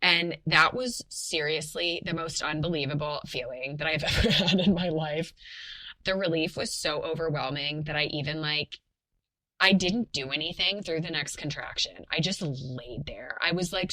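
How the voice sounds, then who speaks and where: A young woman sharing her birth story on a podcast, animated and full of fillers, laughing often. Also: low-pitched, rough recording. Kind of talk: casual personal storytelling.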